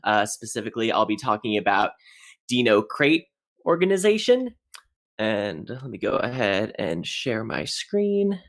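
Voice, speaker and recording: A man giving a casual technical presentation, chatty and relaxed with frequent "um"s. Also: on the low side, unhurried. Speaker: conference speaker.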